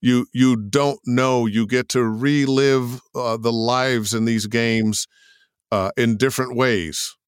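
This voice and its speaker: An older man talks about his career as a voice actor with a smooth, resonant voice. He tells it like a storyteller, slipping into quoted voices. The sound is close and dry. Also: medium pitch, slow, no room sound. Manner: animated storyteller, acts out quotes in put-on voices. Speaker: voice actor guest. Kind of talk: interview answers.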